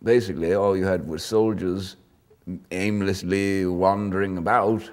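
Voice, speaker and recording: Actor playing a bluffing old British army sergeant, pompous and rambling; deep voice, slow delivery. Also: male voice, fairly even intonation, darkish tone. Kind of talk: improvised mock interview.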